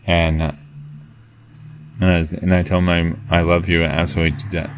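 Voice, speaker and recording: A man vlogging, retelling a text conversation in an earnest, rambling and halting way. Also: deep voice, little pitch movement, noisy background. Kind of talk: casual spoken retelling of a text chat.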